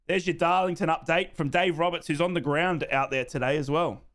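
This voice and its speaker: A man's voice: a little high, steady tone, brisk, a bit bright. An Australian man hosting a live football watchalong, chatting casually and reading out fan comments. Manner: chatty, jokey, repeats himself, says "mate".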